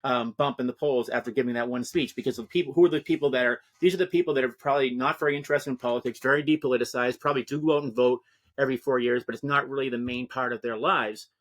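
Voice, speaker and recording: A man giving an animated, discursive account as an interview guest discussing politics. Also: medium pitch, fast. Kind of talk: casual interview talk.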